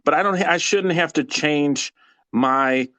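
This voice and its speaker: A man's voice: fairly high pitch, a little slow, bright, forceful tone, dry recording. Aggravated rambling male caller. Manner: aggravated, rambling, repeats himself. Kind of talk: heated call-in debate.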